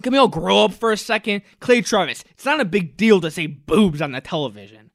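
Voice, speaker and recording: Man, high voice, angry rant, mocking, sarcastic, dry close sound. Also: lively intonation, fairly quick, creaky, no room sound. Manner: loud, mocking, sarcastic, swings into jeering mimicry. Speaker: podcast host. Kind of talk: angry ranting commentary.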